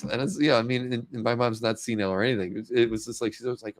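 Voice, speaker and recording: A man's voice: mid-range voice, fast talker, hardly any pauses, dry recording, studio quality. A man hosting a casual livestream, rambling and correcting himself as he talks, laughing often, saying he is losing his voice. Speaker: show host.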